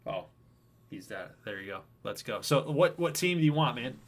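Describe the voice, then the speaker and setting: A man's voice: mid-range voice, expressive, normal speed. A man casually hosting a baseball video game franchise livestream, chatting with viewers by name. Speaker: host of a franchise stream.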